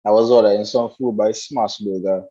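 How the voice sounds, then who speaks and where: A man's voice: on the low side, steady tone, moderate pace, dark tone, highs cut off. A laid-back man telling a short story in casual chat and ending phrases with "dog".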